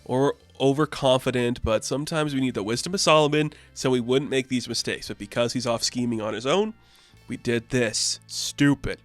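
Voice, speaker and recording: A man's voice: mid-range voice, normal speed, no echo, soft background music, close to an everyday voice. A man voicing an arrogant male king of the gods in a comic book recap, smug and boastful. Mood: scolding.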